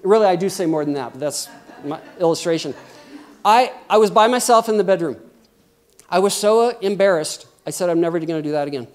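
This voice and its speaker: A middle-aged man preaching a sermon in a lively, conversational way, often acting out quotes. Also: high voice, a little fast.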